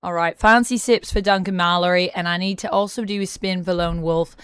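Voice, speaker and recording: A woman's voice: lowish voice, steady tone, brisk, fairly bright tone, clear, resonant tone, no room sound, clean studio sound. A young adult woman streamer chatting casually to viewers, attempting an Australian accent and thanking them earnestly. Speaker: live streamer. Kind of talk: casual live-stream chat.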